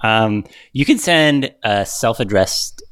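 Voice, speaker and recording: Laid-back low-voiced man chatting. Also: slow, smooth, no room sound, clean studio sound. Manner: relaxed, rambling with many fillers. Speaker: podcast co-host. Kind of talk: casual chat.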